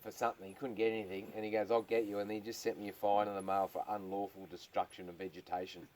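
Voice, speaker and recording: An Australian comedian spins crude yarns in casual chat outdoors on a farm, swearing constantly. His lowish voice has little pitch movement and a darkish tone, and he talks quickly.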